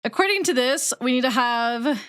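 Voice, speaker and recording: A woman's voice: high voice, expressive, moderate pace, fairly bright tone. A young woman streaming, chatting casually while she builds and talking to her cat in a cutesy voice.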